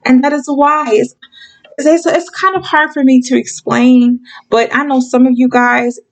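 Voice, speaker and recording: Poor audio carries a high-pitched female voice belonging to a spiritual reader who runs a channel. Her casual monologue offers viewers honest, tough-love guidance, peppered with "okay?" and "you guys," and she rushes her words when excited while acting out quoted speech.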